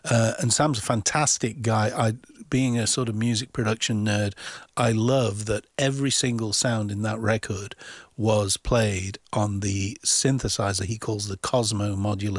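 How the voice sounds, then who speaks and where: A man's voice: on the low side, fairly even intonation, unhurried, slightly rough, no echo, studio quality. A man talking about music on a radio chat, knowledgeable and chatty, with an easy laugh. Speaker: music commentator.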